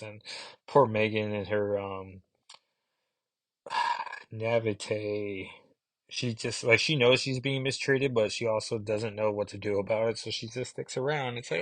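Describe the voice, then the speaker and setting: A man's voice: fairly low pitch, normal speed, a bit bright, dry recording. A man casually reviewing comic books, rambling with fillers and asides.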